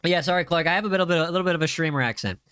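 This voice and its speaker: A young man hosts a casual livestream, joking and bickering with his chat. His voice is bright and sits a little high for a man. The sound is close and dry, with no room around it. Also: very fast, smooth, no room sound. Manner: playful, defensive banter with chat. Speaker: livestream host.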